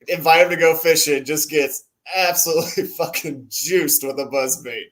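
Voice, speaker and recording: A man's voice: a little high, moderate pace, a bit bright. A man co-hosting a casual talk stream, telling a story with lots of laughs and acted-out quotes. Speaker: co-host. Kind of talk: casual chat.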